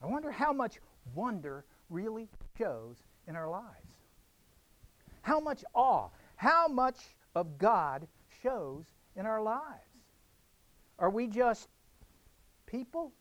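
A man's voice: high-pitched, no echo. Emphatic preaching man, dry sound. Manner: emphatic preaching with repeated phrases. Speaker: pastor. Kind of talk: sermon.

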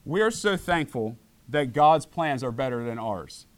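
A middle-aged man preaching a sermon to his church, animated and acting out voices when he quotes people. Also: medium pitch, unhurried. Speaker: pastor.

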